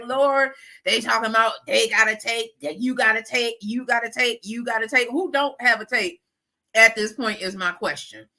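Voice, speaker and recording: A middle-aged woman hosting a casual live chat with her viewers, congested and clearing her throat, animated and calling them y'all. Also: on the high side. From Lackawanna, New York, USA. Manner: chatty, animated, laughing asides, calls audience y'all. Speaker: livestream host.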